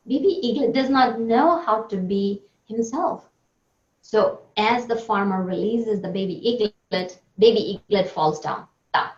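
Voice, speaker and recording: A woman giving a talk on a video call, telling a story in an animated way and acting out the lines of its characters. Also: medium pitch. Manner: animated storyteller, acts out dialogue. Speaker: guest speaker. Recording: echoey, dull lo-fi audio.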